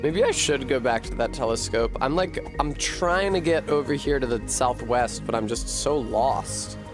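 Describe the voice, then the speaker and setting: A man's voice: medium pitch, moderate pace. Male streamer, sardonic and profane live commentary, game music faint behind. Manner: profane, sardonic thinking aloud. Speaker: streamer playing a video game.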